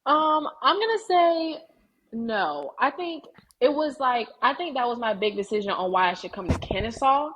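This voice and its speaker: A woman's voice: fairly high pitch, lively intonation, moderate pace, fairly bright tone, breathy edge, low-quality recording. A young woman in her twenties, a graduating student and interview guest, talking candidly and peppering her stories with "like". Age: 20s. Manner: candid storytelling, frequent "like". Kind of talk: casual interview.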